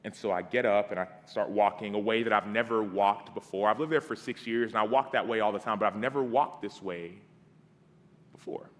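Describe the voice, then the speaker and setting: A man in his thirties preaching a conversational storytelling sermon. He acts out the dialogue and drops to soft tones. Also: fairly low pitch, brisk. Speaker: guest preacher. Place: church sanctuary. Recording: long hall reverb.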